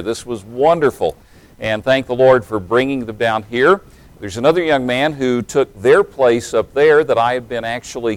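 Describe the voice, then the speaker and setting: A man around forty, raised in East Tennessee but speaking in a general American accent, delivers a sermon at a middle pitch. He moves between relaxed, joking asides and more emphatic stretches of preaching. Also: low-quality recording. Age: late 30s to early 40s. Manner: folksy and humorous, then rising to emphatic preaching.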